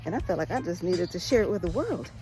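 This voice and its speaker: A woman from Jamaica vlogging casually on a beach at sunrise, talking fast and chatty with laughs, recorded on a phone at arm's length. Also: fairly low pitch, big pitch swings, dark tone, slight background noise, poor audio. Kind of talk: casual walking vlog.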